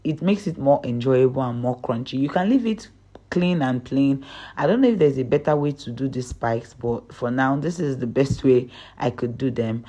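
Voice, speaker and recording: Upbeat young woman with a mellow voice. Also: extremely low pitch, moderate pace. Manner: chatty, upbeat, addresses viewers as guys. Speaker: cooking channel host. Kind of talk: recipe tutorial voice-over.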